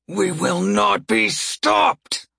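A woman's voice: mid-range voice, expressive, extremely slow, sharp tone, no echo, clean studio sound, full character voice. A woman voicing an angry, hulking male gnoll who growls and taunts with menace. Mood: defiant. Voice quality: growling, gravelly. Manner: menacing, taunting with tag questions. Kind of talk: audiobook character voice.

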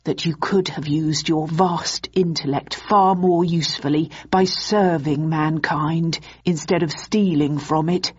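A woman reading aloud, voicing a weary, reluctant older man who speaks quietly and murmurs. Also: low-pitched, fairly even intonation, unhurried, hardly any pauses, husky, dull audio. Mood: disapproving.

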